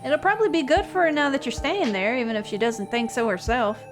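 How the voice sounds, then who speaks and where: Streamer gal doing a gossipy old town lady, kinda high and teasing, game music going underneath. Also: fast talker, lightly acted. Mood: chatty. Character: chatty elderly townswoman, sly and dry-witted. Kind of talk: reading a visual novel aloud.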